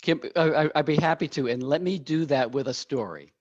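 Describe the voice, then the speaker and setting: Animated man telling a coaching story. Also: on the high side, brisk, no echo. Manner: animated, acts out quoted dialogue. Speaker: executive coach and author. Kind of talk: storytelling in an interview. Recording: dull lo-fi audio.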